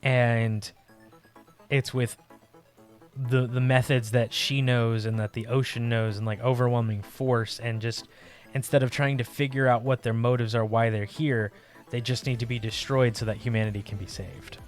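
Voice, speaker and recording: A young man chatting casually on a live art stream, rambling warmly about a character and greeting viewers by name. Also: mid-range voice, steady tone, moderate pace, soft background music. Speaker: livestream artist.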